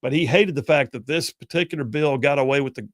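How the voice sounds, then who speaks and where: A man's voice: medium pitch, fast talker, dry recording, studio quality. A middle-aged man, hosting a call-in radio show in a folksy, joking storytelling manner. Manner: folksy storyteller, jokey asides. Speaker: radio talk show host. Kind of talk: casual call-in talk radio chat.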